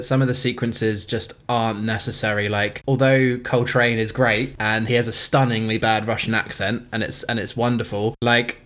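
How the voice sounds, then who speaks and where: A man co-hosting a casual film discussion podcast, talking in a measured way and thinking aloud. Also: mid-range voice, a bit bright. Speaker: podcast co-host.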